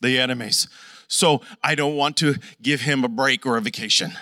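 A middle-aged man preaching a sermon, animated and conversational, often asking the congregation questions. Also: medium pitch, normal speed, dry recording, studio quality. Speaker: pastor.

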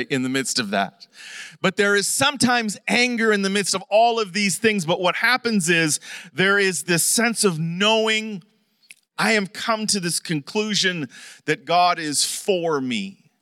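A middle-aged man preaching a sermon, animated and conversational, often asking the congregation questions. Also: high voice, dry recording, clean studio sound. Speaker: pastor.

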